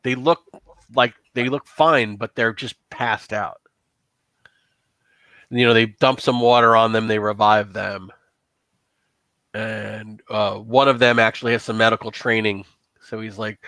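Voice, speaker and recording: A man's voice: fairly low pitch, fairly even intonation, unhurried, long pauses, bright, forceful tone, no room sound. A man narrating as game master of a tabletop horror game, casual, with fillers.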